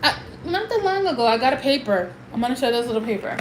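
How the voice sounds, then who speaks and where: A high-voiced woman from Puerto Rico delivers a heated, emphatic livestream rant, dropping into Spanish now and then. A faint hiss of noise sits under her voice. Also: very animated, quick pace, poor audio. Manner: heated, emphatic, switching between English and Spanish.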